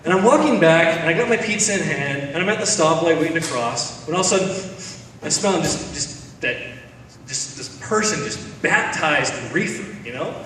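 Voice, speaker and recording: Man, stand-up comic, high voice, storytelling and acting out dialogue, distant, echoey hall. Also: animated, normal speed, fairly bright tone, a little hiss or hum. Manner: storytelling, acts out dialogue, breaks into laughter. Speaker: stand-up comedian. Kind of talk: stand-up comedy set. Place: charity event stage, audience hall. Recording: echoey hall taped from far off.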